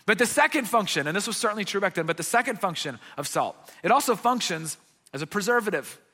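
A man's voice: high voice, lively intonation, fast talker, pushed and bright, breathy edge, in a large hall. A man preaching a sermon as pastor, conversational and earnest, often checking in with his listeners. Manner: conversational preaching with frequent "okay?" check-ins.

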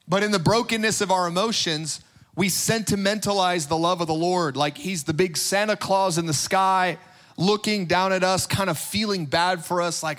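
A man's voice: high-pitched, a bit bright. A man preaching a sermon in a fervent, emphatic way, building his points through repeated phrases.

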